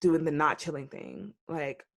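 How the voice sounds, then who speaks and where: A woman co-host with a gravelly, fry-edged voice, chatting casually on a podcast. She tells stories with animated energy, jumping into the voices of the people she quotes. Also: low voice, unhurried. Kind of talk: casual chat.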